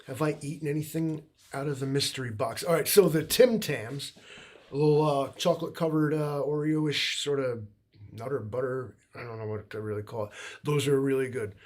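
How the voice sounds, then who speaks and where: A man's voice: mid-range voice, moderate pace, darkish tone. A young man co-hosting a livestream who rambles in a loose, laid-back way, full of likes and ums. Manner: laid-back, meandering, with a lot of filler. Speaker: livestream co-host. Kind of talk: rambling casual chat.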